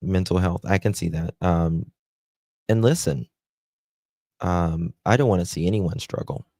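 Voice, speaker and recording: A very low, gravelly Southern American man talks slowly and casually to his live-stream viewers. His tone is dark and mellow, and he is self-deprecating and chatty, with plenty of "um" pauses. The sound is close and dry, with no room echo. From United States. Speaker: livestream host.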